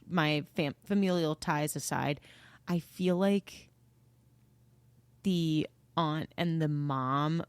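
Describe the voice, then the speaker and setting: A woman's voice: sits low, slow, long pauses, smooth, dry recording. A woman co-hosting a true-crime podcast who questions theories and plays devil's advocate in casual chat. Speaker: podcast co-host.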